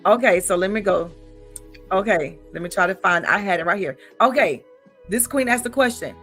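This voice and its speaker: A woman, hosting a talk show in a lively, playful way. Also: medium pitch, normal speed, soft background music. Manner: lively, playful, addresses guests as baby. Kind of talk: casual talk show chat.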